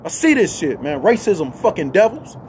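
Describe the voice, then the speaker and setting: A man's voice: high-pitched, very animated, moderate pace, darkish tone, a little hiss or hum. A man vlogging in an agitated, emphatic rant, emotional and tagging most lines with "man". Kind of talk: heated ranting monologue.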